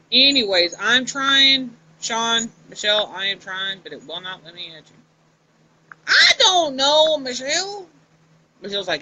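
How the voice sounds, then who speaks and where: Lively, high-voiced woman on a phone live stream. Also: low-quality recording. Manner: laughs often, swears freely. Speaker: author hosting a live chat with fans. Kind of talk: casual live-stream chat.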